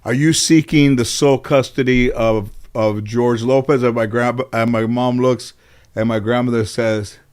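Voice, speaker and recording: Middle-aged guy from la telling stories, animated, swears a lot, laughs at his own stuff. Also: mid-range voice, normal speed, clear, resonant tone. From Los Angeles area. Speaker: guest comedian. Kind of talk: casual storytelling in interview.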